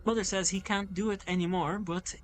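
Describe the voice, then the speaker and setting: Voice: medium pitch, steady tone, a little fast, close to an everyday voice. A gamer reading aloud the lines of a teenage girl who is anxious about her family, in a plain everyday voice with a pleading tone. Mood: worried. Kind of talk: reading game dialogue aloud.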